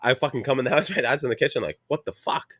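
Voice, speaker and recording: A stoned man from Canada in his twenties, rambling through a story with lots of swearing and loud put-on voices for the people he quotes. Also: medium pitch, very fast, breathy edge, dry recording, clean studio sound. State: high on weed. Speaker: podcast co-host. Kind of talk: casual chat.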